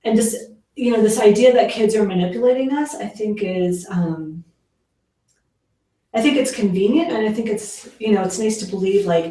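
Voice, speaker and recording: A woman with a warm, mid-range voice talks at a normal speed to parents in a casual workshop. As a parenting educator she's chatty, uses many fillers and dramatizes the lines she quotes, recorded by a distant mic in a very echoey space.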